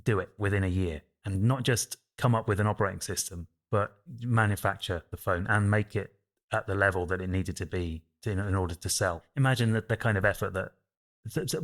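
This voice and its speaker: A man's voice: lowish voice, fairly quick. A man co-hosting a casual podcast, often restarting his sentences as he works out his point. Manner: hesitant, restarts mid-thought. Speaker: podcast co-host.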